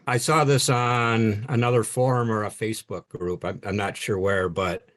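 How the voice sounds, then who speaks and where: A male attendee calling in with a question, speaking in a slightly halting way with repeated words. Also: fairly low pitch, fairly even intonation, a bit bright. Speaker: caller asking a question.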